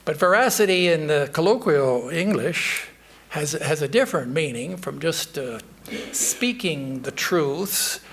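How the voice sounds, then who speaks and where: A male monk giving a sermon in a temple, telling a story and reflecting in a measured way with frequent pauses and hesitations. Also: fairly high pitch, animated, a bit bright, slight background noise.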